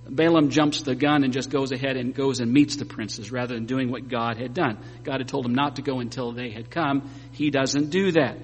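A man preaching a sermon and reading scripture aloud, telling it with lively joking asides. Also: mid-range voice. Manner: animated storytelling with joking asides. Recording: long hall reverb, faint hum.

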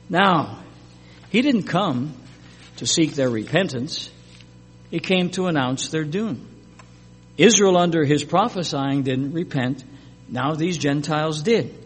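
A man's voice: fairly high pitch, measured pace, husky, in a large hall. A man preaching a sermon, reading scripture and commenting with emphatic, conversational asides.

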